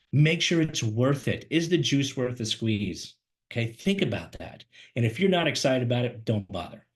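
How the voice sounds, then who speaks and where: A man teaching job seekers to camera as a career coach, fast-talking and emphatic, animated and gesturing as he speaks. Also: mid-range voice. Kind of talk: energetic instructional talk to camera. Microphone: camera mic, speaking to camera.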